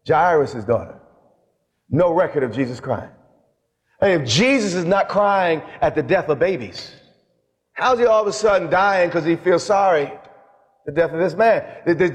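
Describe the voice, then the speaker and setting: A man preaching an impassioned sermon as pastor, slowing down to stress points. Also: sits high. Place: large church hall. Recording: long church hall reverb.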